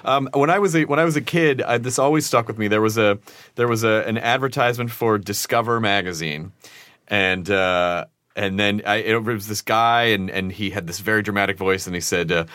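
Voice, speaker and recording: A man's voice: lowish voice, brisk, a bit bright, no echo. Male podcast host, self-deprecating joker, dry close sound. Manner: joking, self-deprecating questioner. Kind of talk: casual comedic chat.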